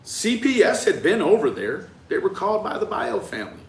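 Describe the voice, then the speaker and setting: A man's voice: high voice, sing-song, brisk. Man musing aloud in a roomy space. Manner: conversational, frequent "right?" tags, trailing off into quiet asides. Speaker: commentator on a true-crime case. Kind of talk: reflective monologue. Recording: roomy echo with faint ambience.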